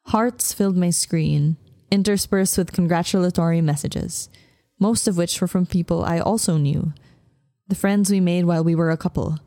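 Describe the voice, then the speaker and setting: A woman's voice: lowish voice, mellow, no echo. A woman reading a romance novel aloud as an audiobook narrator. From Philippines. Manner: measured, emotive first-person reading.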